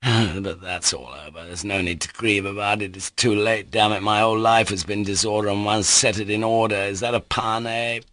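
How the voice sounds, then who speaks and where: A man reading an audiobook, voicing an excitable, reckless young nobleman who talks in a feverish, rambling way. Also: on the low side, normal speed, hardly any pauses, no echo, lightly acted. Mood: feverish, expansive.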